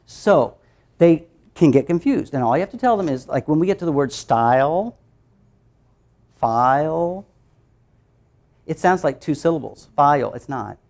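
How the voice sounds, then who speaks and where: Presenting a phonics teaching workshop, a woman speaks briskly in a low-pitched voice. She's playful and animated, acting out letter sounds and laughing along the way.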